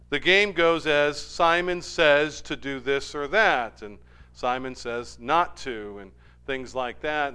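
A man preaching a sermon as pastor, telling stories with animated swings between loud emphasis and quiet asides. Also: on the high side, clear, resonant tone.

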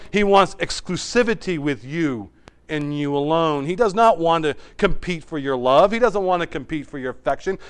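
A man preaching a sermon as pastor, swinging between emphatic raised passages and quiet, hushed asides. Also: fairly high pitch, clean tone.

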